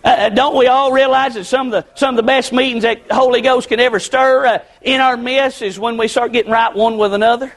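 A middle-aged man preaching a sermon, swinging between shouts and hushed pleading. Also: very high voice, steady tone, brisk, few pauses.

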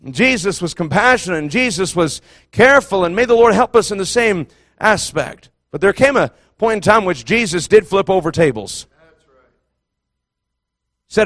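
A man preaching a fervent sermon, emphatic and impassioned, repeating phrases and surging to near-shouts. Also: high-pitched, animated, normal speed, no echo, clean studio sound.

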